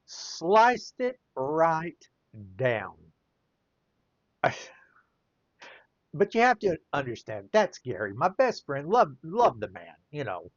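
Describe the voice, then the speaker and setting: A man spins a casual anecdote while he works on a drawing, chuckling as he goes. He talks slowly, and his pitch leaps high and drops low. The sound is dry and a bit dull, like a muffled home recording. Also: no echo. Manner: chuckles often, lively rise and fall. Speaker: artist and storyteller.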